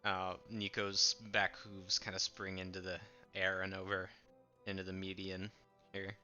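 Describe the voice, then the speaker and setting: A man's voice: low-pitched, monotone, measured pace, pushed and bright. A man playing a tabletop game, thinking aloud in a tentative, casual way. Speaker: player. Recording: dull lo-fi with faint music.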